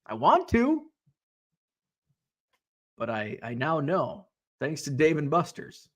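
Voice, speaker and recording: Middle-aged man, casual live-stream host, higher-pitched voice, chatty and animated, reacting to comments. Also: slow pace.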